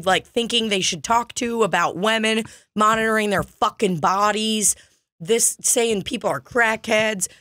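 A woman's voice: mid-range voice, a bit bright, no room sound, clean studio sound. A young woman hosting a podcast, chatting casually in a rambling, profane and jokey way. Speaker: podcast host. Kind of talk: casual chat.

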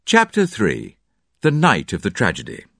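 A man narrating a classic detective novel in an expressive, dramatic storytelling manner. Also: fairly low pitch, moderate pace, gravelly, no echo, studio quality. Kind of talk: audiobook narration.

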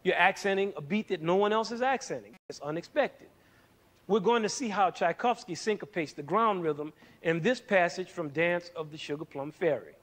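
A man's voice: sits high, normal speed, fairly bright tone. Playful man teaching a music lesson. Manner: playful, demonstrating by counting beats aloud. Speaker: music educator and show host.

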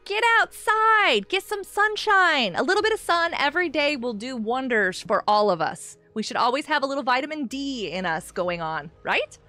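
A woman's voice: sits high, expressive, normal speed, few pauses, bright, forceful tone, no room sound. A woman hosting a live game stream, bubbly and gushing as she greets viewers in chat by name.

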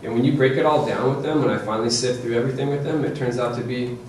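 A man giving a lively, joking parenting talk to an audience, often checking in with "okay?" and "right?". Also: medium pitch, fast talker, recorded from a distance, slight background noise. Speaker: presenter to parents. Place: presentation room with audience. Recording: echoey room, voice from afar.

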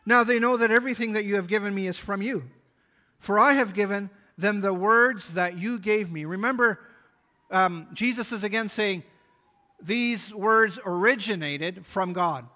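A male pastor with a high-pitched, bright and forceful voice preaches a sermon at a normal speed. He reads scripture aloud with small restarts and explains it earnestly.

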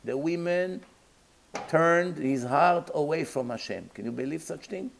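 A man's voice: on the high side, expressive, measured pace, gravelly, a little hiss or hum, low-quality recording. A man, a rabbi giving a Torah lecture, emphatic and full of rhetorical questions, acting out imagined dialogues.

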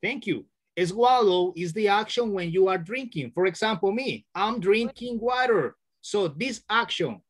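A teacher leads a class over a video call, patient and methodical, echoing each word back to stress it. The pitch swings widely, rising and falling with every prompt, and sits in a middle register. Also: expressive, a little slow. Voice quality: patient, repeats words to correct and stress them. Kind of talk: online class instruction.

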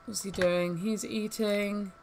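A woman's voice: mid-range voice, fairly even intonation, slow, crowd noise. A woman casually commentating her life-simulation gameplay, chatty and giggly as she thinks aloud. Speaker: gaming YouTuber. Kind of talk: casual let's-play commentary. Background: faint game music.

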